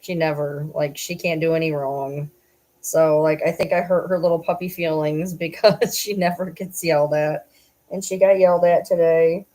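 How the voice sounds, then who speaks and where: Low-voiced woman chatting casually to camera. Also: fairly even intonation, normal speed, mellow, poor audio. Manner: chatty, baby-talks to her dogs. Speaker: vlogger. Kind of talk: casual livestream chat.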